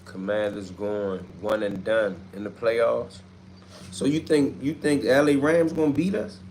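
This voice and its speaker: A man runs a casual livestream, answering his viewers in loose street slang. He trash-talks in an animated way at a middle pitch. A faint hiss sits under his voice. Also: measured pace. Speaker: livestream host. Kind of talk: casual livestream chat reading comments.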